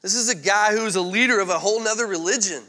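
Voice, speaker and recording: A man's voice: sits high, fast, pushed and bright, big-room sound. A male pastor preaching a sermon in a candid, conversational storytelling way.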